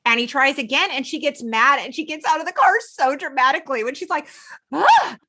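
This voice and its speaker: Gen x lady hosting a podcast, kinda high voice, chatty and animated, acts out lines. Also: fast talker. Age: 40s. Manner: animated, quotes characters in bursts, laughs often. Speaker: podcast host. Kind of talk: casual chat recapping a film.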